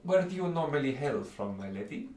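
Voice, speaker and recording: A man's voice: fairly high pitch, big pitch swings, brisk, a little mellow, far from the mic, slight background noise, pitched above the performer's own voice. A man voicing a courteous, shrewd male merchant who talks formally and haggles over prices. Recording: roomy echo.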